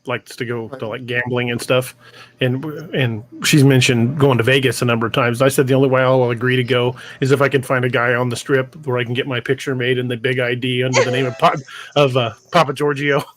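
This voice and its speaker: A man's voice: medium pitch, little pitch movement, fairly quick, fairly bright tone. A man co-hosting a podcast who chats casually and makes joking asides. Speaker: podcast co-host.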